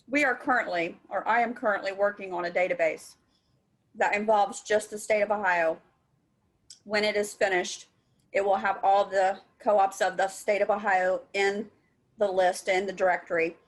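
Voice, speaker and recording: A woman on a webinar call, talking casually about her co-op center's work with many fillers and restarts. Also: medium pitch. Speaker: co-op center staff, building a database. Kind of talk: webinar discussion. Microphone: video call.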